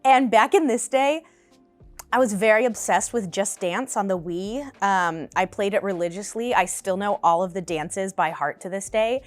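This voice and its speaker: A woman in her twenties vlogs from her apartment, telling an animated, casual storytime and laughing often. Her mid-range voice moves at normal speed over soft background music.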